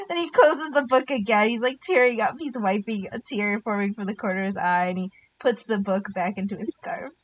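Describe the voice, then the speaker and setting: A woman player in a tabletop game, narrating her character in a giggly, animated way. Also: medium pitch, fairly quick, few pauses, dry recording. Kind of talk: tabletop role-play narration.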